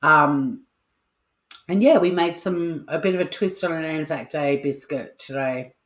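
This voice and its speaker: A chatty Australian woman with a low voice talks loosely to her viewers in a kitchen livestream, swearing casually and joking along. The sound is roomy, with echo off the kitchen walls through a modest home mic. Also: a little slow, fairly bright tone. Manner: chatty, swears freely, playful asides to viewers. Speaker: cooking livestream host.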